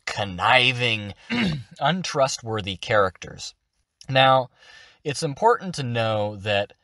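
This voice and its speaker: A man hosting a tutorial, explaining how to do voices for a tabletop game in a slow, deliberate way. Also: mid-range voice, fairly bright tone, dry recording, studio quality. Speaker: channel host teaching voice acting. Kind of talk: tutorial instruction.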